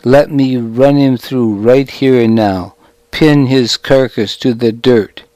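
A fierce soldier speaks with urgent anger, as a man reads the part. The voice stays in a middle register and moves slowly. The audiobook is recorded close and dry. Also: medium pitch, mellow, no echo, natural voice. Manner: urgent, angry. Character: fierce, hateful male soldier.

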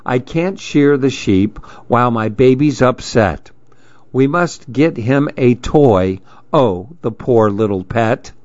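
A man's voice: medium pitch, lively intonation, takes it slowly, a little mellow, dry recording, dull audio. A man voicing a worried hairdresser father fussing over his baby, sounding fretful and weary. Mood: fretting.

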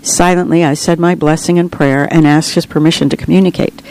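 A woman's voice: low-pitched, fairly even intonation, brisk, a little mellow, a little hiss or hum, rough recording. An author reading her memoir aloud in an earnest, reflective narration. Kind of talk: audiobook narration.

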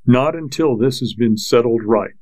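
A man's voice: medium pitch, moderate pace, darkish tone, natural voice. A man reading a novel aloud, voicing a stubborn frontier wife with a harsh, defiant tone. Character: hard, stubborn frontier wife, young woman. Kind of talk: audiobook character voice.

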